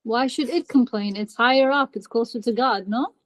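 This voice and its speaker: Brief: female class member, questioning, slightly high voice, dry recording. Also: moderate pace, dry recording. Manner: questioning, challenges the teacher. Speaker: student in the class.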